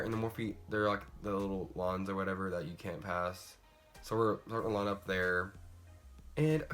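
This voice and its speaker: A teenage boy talking through a casual makeup storytime, chatty and animated, jumping into high squeals when quoting people. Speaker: beauty vlogger. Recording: faint music behind.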